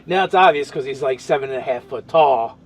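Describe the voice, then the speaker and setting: A man with a mid-range voice talks fairly quickly in a casual podcast chat about his tabletop game character. His sentences are loose and rambling, full of restarts and fillers.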